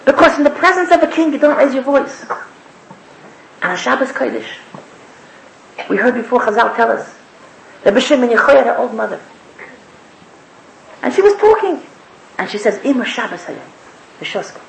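A woman's voice: sits high, expressive, normal speed, gravelly, long pauses, a little hiss or hum. A woman giving a spoken sermon, emphatic and repetitive, asking the listeners rhetorical questions. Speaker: speaker giving a religious talk. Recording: echoey room.

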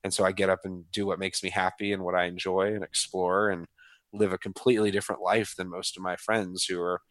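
A man's voice: sits low, flat delivery, a little fast, a bit bright, no echo. A man in his thirties, a guest author in a casual interview, talking with laid-back energy and often saying "man" and "dude". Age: 30s.

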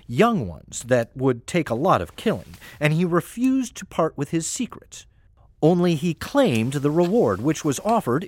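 A man narrating a fairy tale in a wry, playful storytelling manner over faint music. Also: fairly high pitch.

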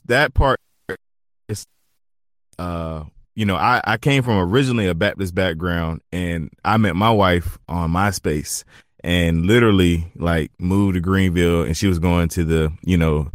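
A man hosting a casual interview, with a fairly low voice. He mostly listens with short affirmations, then breaks in animatedly with his own story. The sound is dry and close. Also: no room sound. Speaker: podcast host.

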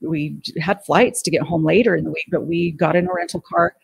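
A middle-aged woman telling an emotional personal story in an interview, halting and restarting her sentences. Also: sits low, steady tone, vocal fry, slight background noise, rough recording. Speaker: guest recounting a family death.

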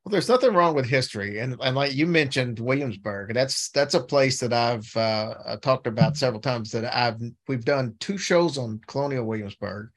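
A man hosting a casual podcast interview, relaxed and chatty. He rambles a bit as he sets up his questions, in an ordinary mid-pitched voice. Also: moderate pace, hardly any pauses. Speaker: podcast host.

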